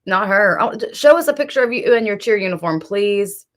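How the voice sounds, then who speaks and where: A woman's voice: mid-range voice, lively intonation, fairly quick, fairly bright tone. Sassy gossiping woman streamer, drawl. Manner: sassy, gossipy, talks straight to chat. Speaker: streamer host. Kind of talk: casual live-stream commentary.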